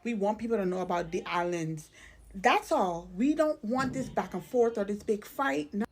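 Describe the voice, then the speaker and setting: A woman's voice: medium pitch, expressive, moderate pace. A woman from the Caribbean speaking emphatically in a social media commentary clip, explaining and educating.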